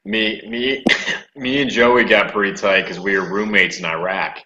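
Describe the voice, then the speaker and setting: A podcast host reminiscing in a laid-back, profane casual chat. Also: male voice, on the low side, fairly even intonation, unhurried, bright, forceful tone, muffled recording, a little hiss or hum.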